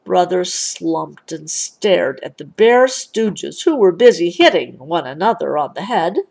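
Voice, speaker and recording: A mother reads a storybook aloud at an unhurried pace. Her voice rises and falls a great deal, with a gravelly edge at the ends of phrases. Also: lowish voice, lively intonation, darkish tone. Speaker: mother reading to her child.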